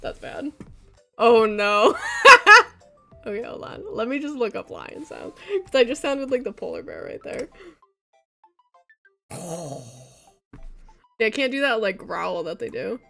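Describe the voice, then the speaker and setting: Giggly young woman streamer, lively pitch. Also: unhurried, vocal fry, long pauses, soft background music. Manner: chatty, giggly, talking to chat. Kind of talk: casual live-stream chat.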